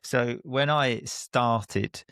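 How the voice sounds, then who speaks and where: A man from Essex with a softened Essex accent, chatting casually as a guest, laughing often and poking fun at himself. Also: mid-range voice, very slow, gravelly, no echo, studio quality. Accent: Essex English, softened. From Essex, England. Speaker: guest, English teacher and podcaster. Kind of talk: casual conversation.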